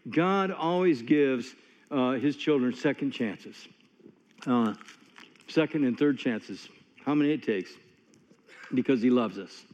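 A man's voice: mid-range voice, slow, pauses often, a little mellow. A man preaching a sermon in a folksy, conversational way, telling stories with many asides. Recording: long hall reverb, dull lo-fi sound.

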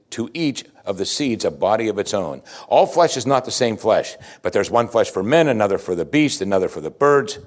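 A man preaching a sermon in a plain-spoken, folksy way, full of rhetorical questions, swinging from loud emphatic bursts to low quiet asides.

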